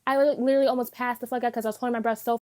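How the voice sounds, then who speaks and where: High-voiced woman ranting animatedly. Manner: animated and emphatic, swears often; talks in quick bursts, acting out her reactions. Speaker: anime reviewer. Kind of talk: casual unscripted review.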